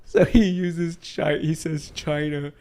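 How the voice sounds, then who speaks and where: A man's voice: a little high, fairly even intonation, slow, a crowd in the background. A male streamer in an old stream recording, reading an online article aloud in a casual drone and stopping to laugh.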